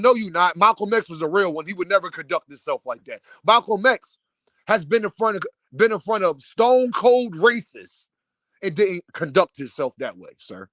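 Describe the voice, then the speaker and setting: A man's voice: high-pitched, a bit bright, dry recording. A man delivering an impassioned commentary rant, firing off repeated rhetorical questions in a preachy, heated way. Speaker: commentary host.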